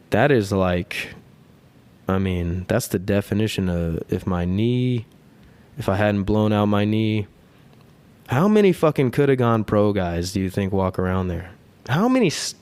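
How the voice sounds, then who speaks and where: A man's voice: on the low side, darkish tone. Crude, self-mocking male podcast host. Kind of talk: casual solo podcast monologue.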